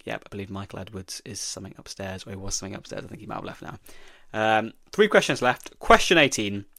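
A man's voice: fairly low pitch, sing-song, fast talker, creaky, sharp tone, dry recording, clean studio sound. A young man, hosting a solo football podcast, reading quiz questions aloud and talking his way through his guesses. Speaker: podcast host.

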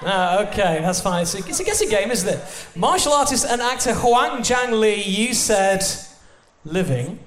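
A man hosting a live stage game show with brisk, jokey showman patter. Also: high voice, very animated, fairly bright tone. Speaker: show host. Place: live venue in front of an audience. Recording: roomy venue with audience and music.

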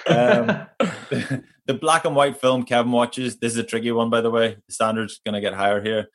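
A man's voice: medium pitch, fairly even intonation, normal speed. A man, co-hosting a podcast and reading out quiz questions in a playful, laughing way. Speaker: podcast co-host, quizmaster. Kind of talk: casual quiz chat.

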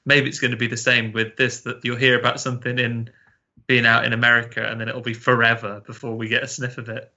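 A man's voice: mid-range voice, monotone, fast, pushed and bright, highs cut off. A man in a casual podcast chat, musing at length and asking the others questions. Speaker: podcast co-host.

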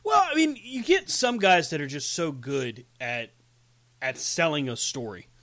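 A man's voice: a little high, measured pace, dry recording. A man co-hosting a casual wrestling chat, joking and enthusiastic as he tells stories. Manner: enthusiastic, joking, animated storyteller. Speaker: podcast co-host.

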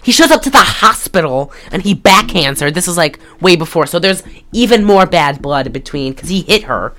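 A woman's voice: lowish voice, animated, normal speed, a bit bright. A woman hosting a casual chat, rambling through a movie plot with lots of fillers and swearing.

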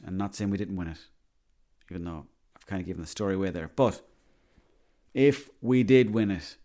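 A man's voice: low-pitched, dark tone. A man telling a rambling, boastful comic monologue, swearing freely.

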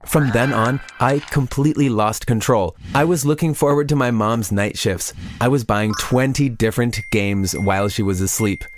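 A man's voice: medium pitch, normal speed, hardly any pauses, a little hiss or hum. A man telling a first-person confession story in scripted narration, earnest in tone.

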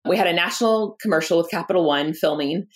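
Talking fast in a fairly low voice, a woman in her thirties who founded a company shares her story openly as an interview guest. She frequently laughs and performs the dialogue she quotes.

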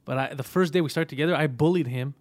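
A comedian from Montreal rattles off his story at a rapid clip in a fairly high voice. He swears and slips in quick impressions of the people in it. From Montreal, Canada. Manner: animated, profane storyteller acting out voices. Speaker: comedian guest. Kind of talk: casual storytelling chat.

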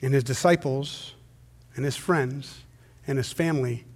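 A male pastor preaching a sermon, swinging from hushed, slow storytelling to loud, intense emphasis. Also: mid-range voice, husky. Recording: long hall reverb.

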